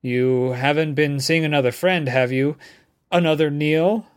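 A man's voice: on the high side, fairly even intonation, unhurried, clean tone, close to an everyday voice. A man voicing a teasing, needy male friend. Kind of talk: audiobook dialogue.

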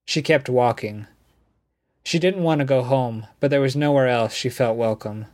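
A male audiobook narrator performs scripted narration of a novel in a mid-range voice. He paces the tale evenly, in a measured storytelling style.

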